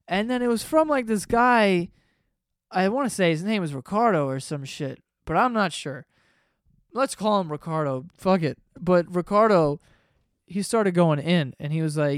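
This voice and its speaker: Man host, rambling profane storyteller, slightly high voice, dry close sound. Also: animated, normal speed, dry recording. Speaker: podcast host. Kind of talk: casual storytelling.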